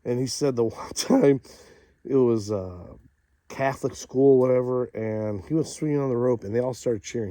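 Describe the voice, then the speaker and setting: Guy spinning a long joke like a true story, mid voice, dry close sound, goes hushed and low quoting people. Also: normal speed, no echo. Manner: drops low and quiet for the zookeeper's lines, shrieks for punchlines. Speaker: comedian storyteller.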